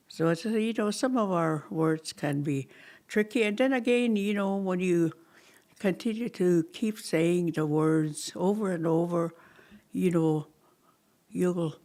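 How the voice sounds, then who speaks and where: A language teacher leading a slow class, repeating each word many times with halting pauses and sometimes dropping to a near-whisper. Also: mid-range voice, darkish tone. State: dry mouth, thirsty.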